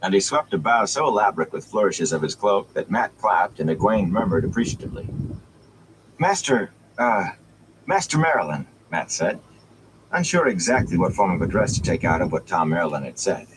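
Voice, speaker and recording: A man reading a fantasy novel aloud in a measured storytelling manner, over steady background noise. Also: sits low. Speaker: audiobook reader.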